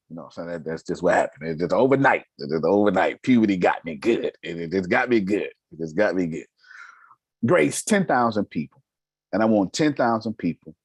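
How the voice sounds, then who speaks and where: Brief: raspy male business mentor, emphatic and slangy, husky, dry close sound. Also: on the low side, dry recording. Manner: emphatic, rhetorical questions, casual slang. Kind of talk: motivational teaching.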